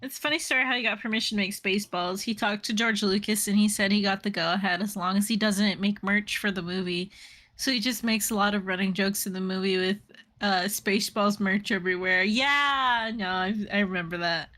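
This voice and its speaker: A woman's voice: mid-range voice, a little fast. A woman chatting casually on a live stream, retelling movie scenes with lots of laughter and the odd swear word. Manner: animated storyteller, laughs often, swears casually.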